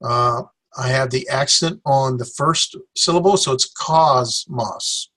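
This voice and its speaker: A man teaching a Greek class in a classroom lecture, halting with many fillers as he sounds out syllables slowly. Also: mid-range voice, pushed and bright.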